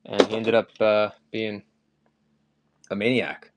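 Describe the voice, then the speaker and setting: A man's voice: fairly low pitch, little pitch movement, slow. Rambling, chatty man selling collectibles live. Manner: rambling, chatty, often off topic. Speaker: live-stream collectibles seller. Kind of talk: casual live-stream chat.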